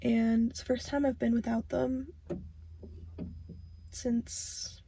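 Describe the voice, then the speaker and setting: A young woman vlogging casually, rambling and correcting herself as she talks, sometimes soft and close to tears. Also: on the high side, level tone, slow pace, vocal fry, slight background noise. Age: young adult. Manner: chatty, rambling, self-correcting; soft, subdued and near tears. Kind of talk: casual vlog chat. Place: car, then outdoors at a barn.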